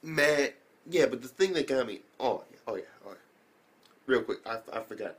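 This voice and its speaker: A man's voice: mid-range voice, expressive, normal speed, breathy edge. A young man casually recapping an anime episode, rambling with slang, swearing and many fillers. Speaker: anime reviewer.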